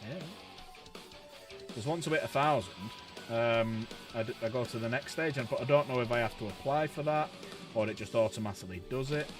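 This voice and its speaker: Chatty man streaming, music behind. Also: brisk. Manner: chatty, laughs often, jumps in pitch when excited. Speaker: streamer and hobby painter. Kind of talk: casual chat while painting on a livestream.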